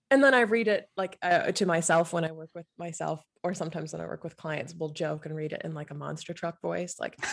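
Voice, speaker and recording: Chatty grief therapist woman, lowish voice. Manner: chatty, animated, quick asides and laughter. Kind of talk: casual podcast conversation.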